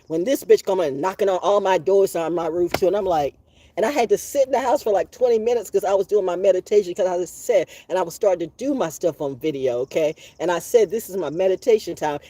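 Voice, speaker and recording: A woman telling a long story outdoors in a casual vlog monologue, profane and animated, laughing now and then and coughing from allergies. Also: on the low side, a little hiss or hum. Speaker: vlogger.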